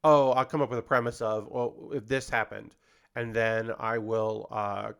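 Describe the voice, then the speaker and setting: A man's voice: lowish voice, level tone, moderate pace, gravelly, fairly bright tone, clean tone. A male comedian and host in casual chat, rambling and self-deprecating as he talks through his ideas.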